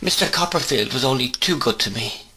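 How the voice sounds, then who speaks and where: A man's voice: medium pitch, expressive, brisk, pushed and bright, slightly rough, pitched above the performer's own voice, exaggerated voice. A man reading aloud and voicing a frightened, faltering young widowed mother. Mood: fearful. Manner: faltering, tremulous, helpless. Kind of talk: storybook reading.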